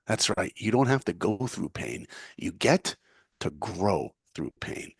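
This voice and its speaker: Deep, husky and creaky, the voice of a middle-aged New Yorker moves slowly through big pitch swings as he tells a story as a guest. His telling is animated, punchy and motivational, and he acts out quoted voices. The audio is studio quality with no echo.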